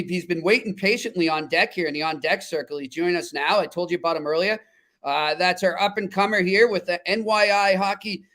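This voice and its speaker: A man's voice: high-pitched, pushed and bright. A man hosting a hockey talk show, chatty and telling stories with easy laughs. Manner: chatty storyteller, laughs easily. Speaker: podcast host. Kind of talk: casual sports talk.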